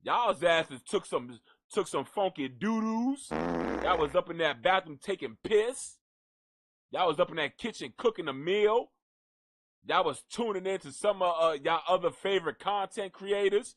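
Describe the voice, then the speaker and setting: With a high voice and lively intonation, a man wraps up his live gossip stream at an unhurried pace. He's profane, rambling, and jokey, chatting casually and talking to an unseen donkey.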